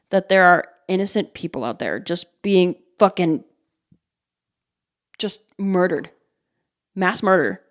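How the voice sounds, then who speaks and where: A woman hosting a solo podcast, rambling and heavily swearing in a heated rant. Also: fairly low pitch. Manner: rambling with frequent fillers. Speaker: podcast host.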